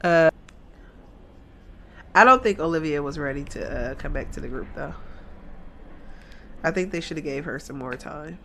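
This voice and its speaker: A woman's voice: deep voice, lively intonation, normal speed, long pauses, a bit bright, slight background noise. A woman hosting a reaction video, giving casual, blunt and emphatic commentary on a reality show while talking back to the screen. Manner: blunt, uses swear words.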